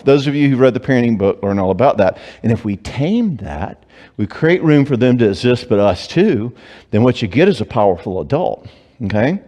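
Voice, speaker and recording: A man speaks as a Christian psychologist at a marriage conference. He is animated and joking, often slipping into quick voices for clients and spouses. His voice rings with the long reverb of a church hall. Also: medium pitch. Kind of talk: conference talk.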